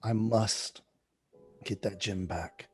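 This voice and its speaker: A man's voice: on the low side, fairly even intonation, slow. A man doing a determined young archer woman who speaks firmly and earnestly. The voice stays close to his own, with faint music in the background. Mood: resolute. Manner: firm, resolute.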